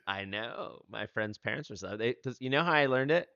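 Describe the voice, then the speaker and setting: A man's voice: mid-range voice, animated, normal speed, fairly bright tone, smooth, no room sound. Rambling New man on a dull dry mic. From United States. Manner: rambling storyteller, restarts often. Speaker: streamer host. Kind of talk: casual chat.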